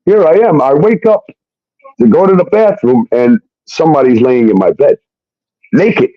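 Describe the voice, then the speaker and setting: A man's voice: fairly high pitch, lively intonation, normal speed, no echo. Blunt rambling man, muffled dry audio. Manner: rambling and blunt, heavy on fillers and swearing. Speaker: guest telling a personal story. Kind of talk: casual storytelling.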